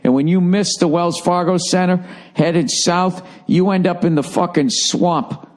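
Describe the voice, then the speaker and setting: A man's voice: sits high, fairly even intonation, measured pace, a little mellow. A man hosting a solo podcast, telling a rambling story full of profanity and self-mocking asides. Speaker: podcast host.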